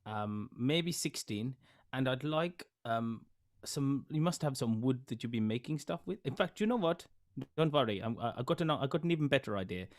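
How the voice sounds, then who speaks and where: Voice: medium pitch, expressive, moderate pace. A player in a tabletop game, haggling playfully in character with lots of hesitations.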